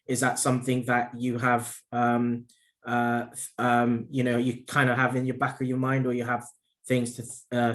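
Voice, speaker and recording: A man interviewing a guest, hesitant with many ums and restarts. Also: mid-range voice. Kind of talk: casual interview conversation.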